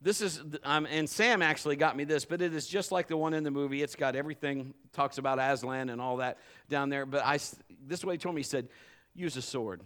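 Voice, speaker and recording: A man's voice: a little high, brisk, hardly any pauses, a bit bright, clear, resonant tone. A middle-aged man preaching a live sermon in a church, emphatic and building to fervent exhortation. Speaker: pastor. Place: church service.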